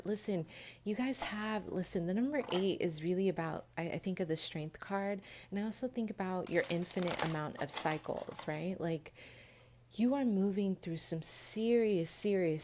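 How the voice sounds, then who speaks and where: A woman giving a pick-a-card tarot reading, earnest and emotional, talking straight to her viewers with many pauses and restarts. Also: lowish voice, darkish tone, a little hiss or hum. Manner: earnest, emotional, addresses viewers as "you guys"; frequent restarts and fillers, pauses mid-thought. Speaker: tarot reader.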